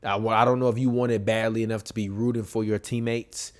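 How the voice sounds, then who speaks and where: Man, lowish voice, casual sports talk, animated, rambling, self-correcting. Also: quick pace. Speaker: podcast co-host.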